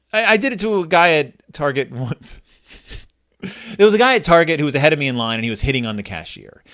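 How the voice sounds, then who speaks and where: A middle-aged podcast host with a high-pitched, slightly bright voice reads a children's book aloud. He adds wry, self-deprecating commentary and mumbled asides.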